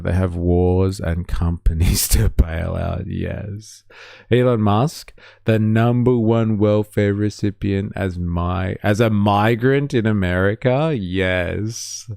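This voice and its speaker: Gravelly low-voiced man. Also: darkish tone, no room sound, clean studio sound. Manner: blunt, sarcastic, swears freely. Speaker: livestream news commentator. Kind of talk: casual livestream commentary reading chat.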